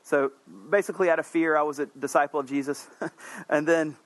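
An earnest male preacher with a fairly high voice for a man, talking conversationally with asides and restarts. He climbs to emphatic peaks, then drops low and quiet. The sound is dry and close, with no room around it. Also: fairly even intonation, fairly quick, no room sound. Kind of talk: sermon.

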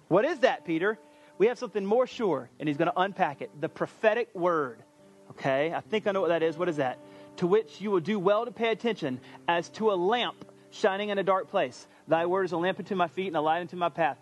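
High-voiced man preaching with energy. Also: brisk, soft background music. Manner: energetic, conversational, animated preaching. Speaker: pastor. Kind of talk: sermon.

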